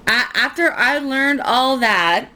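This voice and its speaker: A woman's voice: high voice, lively intonation, slow, pushed and bright. A young woman chatting casually through a makeup tutorial at home, rambling and self-mocking. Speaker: beauty vlogger.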